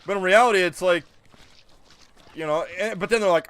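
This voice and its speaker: A man's voice: on the high side, huge pitch swings, brisk, a bit bright. A man streaming a game, chatting casually and ranting in disbelief as he answers his chat. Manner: incredulous, joking rants, answers chat. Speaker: gaming streamer.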